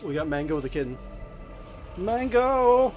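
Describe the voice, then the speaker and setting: Slow-talking man with a fairly high voice. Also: soft background music. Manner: playful, chatty, thinks aloud, makes little sound effects. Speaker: gameplay commentator. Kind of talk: casual let's play commentary.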